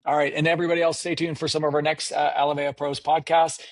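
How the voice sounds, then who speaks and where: A man hosting a podcast interview, enthusiastic and warm in praise, often repeating words as he starts a thought. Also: a little high, little pitch movement, quick pace, no room sound, studio quality. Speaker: podcast host. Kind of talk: casual interview.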